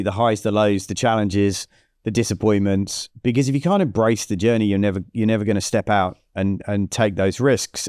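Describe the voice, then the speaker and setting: A man's voice: lowish voice, no room sound, clean studio sound. A middle-aged man, a business coach guesting on a podcast, tells stories with energy and acts out the dialogue as he goes, often restarting his sentences. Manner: animated storyteller who acts out quoted dialogue, frequent restarts. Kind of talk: conversational storytelling interview.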